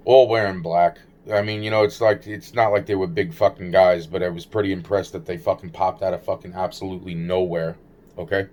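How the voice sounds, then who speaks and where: A man's voice: sits low, darkish tone. A man telling a rambling personal story to camera, agitated and heavily profane, often restarting his sentences. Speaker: vlogger recounting personal experiences.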